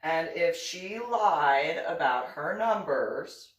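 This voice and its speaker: A woman's voice: low voice, animated, slow, roomy sound, recorded from a distance. A woman hosting her own channel, talking in a casual monologue, laughing often and mocking others with put-on quotes.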